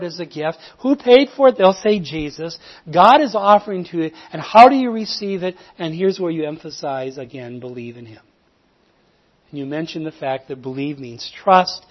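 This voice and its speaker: A man teaching how he shares the gospel, telling stories in an earnest voice that swings from emphatic to hushed. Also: fairly high pitch. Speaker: evangelism teacher. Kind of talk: teaching evangelism technique. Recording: dull lo-fi recording.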